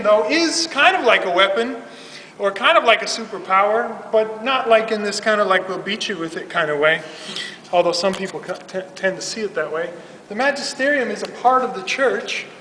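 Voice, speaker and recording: A youth minister with a high, sharp voice gives a casual, humorous religious talk loaded with "like" and "you know." He's chatty and funny, heard from far off in a roomy hall, with a little hiss or hum on the recording.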